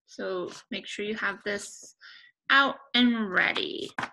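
A young woman teaching a remote lesson to young children, speaking patiently and clearly with pauses between words. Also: mid-range voice, sharp tone, poor audio.

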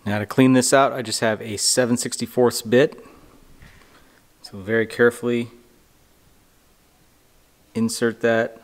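A man hosting a hands-on repair tutorial, walking through each step in a relaxed way with dry, sarcastic asides. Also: medium pitch, measured pace, pauses often. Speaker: DIY motorcycle repair tutorial host. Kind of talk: casual how-to walkthrough.

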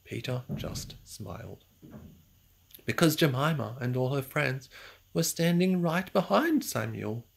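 A storybook reader narrates a children's tale aloud in a slow, expressive way, often dropping to a whisper. The voice is bright yet gravelly and breathy, rising and falling widely. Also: mid-range voice.

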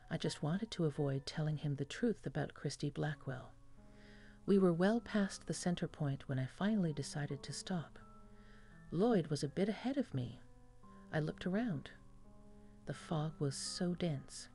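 A woman's voice: deep voice, animated, measured pace, dark tone, soft background music. A woman reading a first-person horror story as scripted narration.

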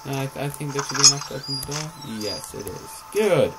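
A man casually coaching a friend through a horror game, jumping between calm tips and sudden excited yelps. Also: mid-range voice, a little fast, heavy background noise. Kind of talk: casual gaming chat.

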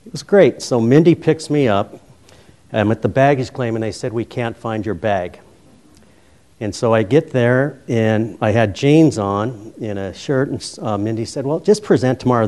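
A middle-aged man from Colorado gives a keynote speech on a roving handheld mic, his voice sitting at an ordinary pitch for a man. He tells funny stories, plays out both sides of each conversation, and then turns earnest when he talks about his years as a school principal. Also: normal speed. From Colorado, USA. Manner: humorous, animated storyteller who acts out dialogue. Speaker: keynote speaker, former high school principal. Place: conference hall.

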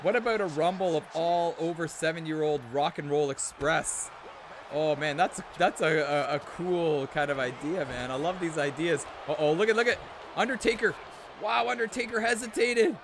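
A middle-aged man excitedly commenting on a live game stream and chatting with viewers. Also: high-pitched, a little hiss or hum.

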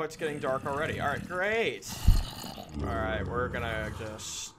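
A man commenting on his own gameplay in a goofy way, talking to the animals and mobs and breaking into panicked yells. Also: medium pitch, animated, measured pace, noisy background. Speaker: gaming channel host. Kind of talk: let's play commentary.

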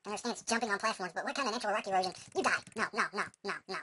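A young woman commentating her own gameplay, excitable, swearing at enemies, yelping and humming along. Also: mid-range voice, very fast, a little hiss or hum. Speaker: let's play gamer. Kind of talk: casual game commentary.

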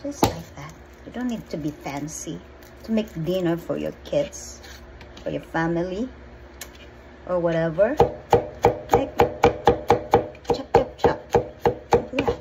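A woman's voice: fairly low pitch, lively intonation, a little slow, creaky, long pauses, heavy background noise. A middle-aged woman chatting casually through a home cooking vlog, meandering and repeating herself in her kitchen. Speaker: cooking vlogger. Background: chopping and pan sounds.

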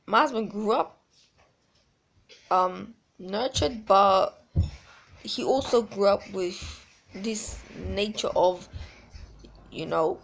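A woman's voice: medium pitch, vocal fry, a bit bright. A woman, talking bluntly and emphatically in a rambling vlog. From South Africa. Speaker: vlogger. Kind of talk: casual talk to camera.

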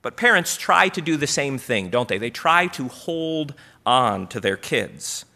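A man's voice: mid-range voice, big pitch swings, a little slow, vocal fry, sharp tone. A male pastor preaching a storytelling sermon in church, often asking the congregation questions.

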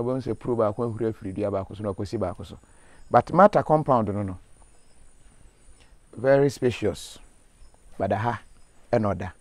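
A man with a lowish, darkish voice hosts a field interview outdoors in a forest, with no room sound. He talks casually, switches between languages, and drops in encouraging, preacher-like asides.

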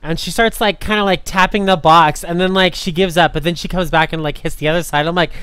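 Male podcast host, chatty and animated, resonant tone, dry studio sound. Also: on the high side, quick pace, clean tone, no room sound. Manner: animated, laughing often, many fillers. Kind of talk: casual storytelling chat.

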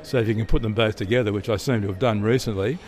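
A man's voice: lowish voice, fast, a little mellow. A middle-aged Australian man, an interview guest telling stories in a chatty way, often restarting and repeating words. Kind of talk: relaxed storytelling answers.

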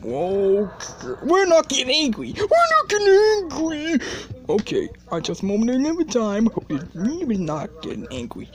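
A performer voicing a hot-tempered cartoonish gamer who keeps rising from forced calm into shrieking fits of rage at a hard game. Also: medium pitch, normal speed, hardly any pauses, close to an everyday voice. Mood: frustrated. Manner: swings between forced calm and shrieking outbursts.

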